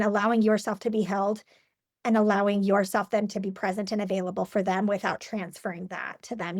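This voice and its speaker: A woman's voice: medium pitch, darkish tone, no room sound, studio quality. A woman in her forties shares her experience as a guest in an interview, speaking earnestly and reflectively with frequent fillers and restarts. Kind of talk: personal interview conversation.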